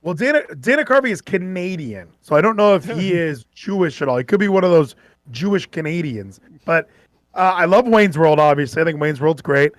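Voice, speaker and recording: A man's voice: on the high side, lively intonation, fairly quick, no room sound, clean studio sound. A man co-hosting a casual chat and giving blunt opinions. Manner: chatty, opinionated. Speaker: podcast co-host.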